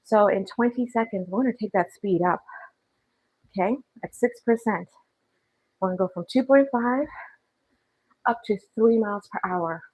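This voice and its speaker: A woman's voice: mid-range voice, moderate pace, long pauses, a little mellow, poor audio. A woman chatting on a livestream as she walks on a treadmill, reading and answering the live chat, a little out of breath. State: slightly out of breath from walking. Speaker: fitness vlogger. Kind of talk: casual livestream chat while walking on a treadmill. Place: home, on a walking treadmill.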